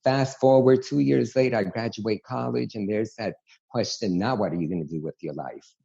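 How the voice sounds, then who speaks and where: A gravelly, husky man tells stories in a lively, chatty way. His voice sits low and mellow. The audio sounds dull and lo-fi, as if over a remote line. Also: moderate pace. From New York City. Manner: animated, chatty, frank storyteller. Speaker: guest. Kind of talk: candid storytelling interview.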